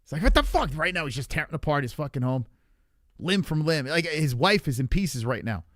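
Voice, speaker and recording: A man's voice: fairly high pitch, moderate pace, fairly bright tone, dry recording, clean studio sound. A young man streaming live, ranting loosely about fights with lots of swearing and reacting to chat. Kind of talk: livestream fight talk.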